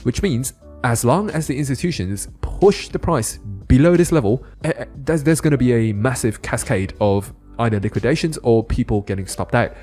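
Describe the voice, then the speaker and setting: A man giving a casual crypto chart analysis, often checking in with the listener with quick tag questions. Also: mid-range voice, expressive, a little mellow, faint music behind. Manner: casual, keeps adding "right?" tag questions. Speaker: crypto trading YouTuber.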